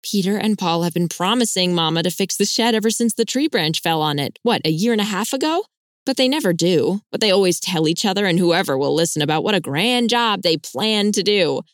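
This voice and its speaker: Woman doing bubbly teasing young woman, storybook, raised pitch, dry sound. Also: no echo, lightly acted. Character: warm lively young woman, artist sister.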